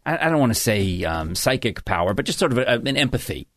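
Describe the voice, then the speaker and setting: A middle-aged man talks casually at a middle pitch, telling a long family anecdote. He rambles, trails off and restarts his sentences as he goes. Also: big pitch swings, quick pace. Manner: rambling, self-interrupting storyteller. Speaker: guest telling a family story. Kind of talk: casual chat.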